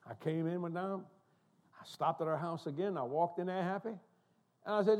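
An older man preaching a sermon, telling folksy, humorous family stories in an animated way. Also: sits high, normal speed. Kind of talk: storytelling sermon. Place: church.

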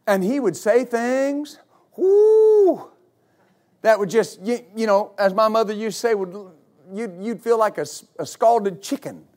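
A middle-aged male pastor giving a sermon, telling stories with loud exclamations and laughter. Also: high voice, normal speed.

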